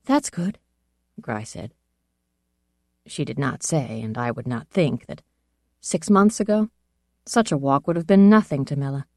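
Here a mid-range narrator voices a first-person fantasy audiobook, keeping the telling steady and measured. The sound is clean studio quality, recorded dry.

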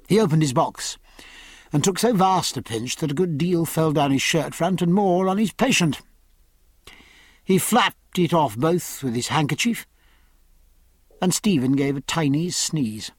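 A man narrating a novel aloud in an expressive, measured storytelling manner. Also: fairly high pitch, breathy edge, no room sound. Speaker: audiobook narrator. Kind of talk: scripted narration.

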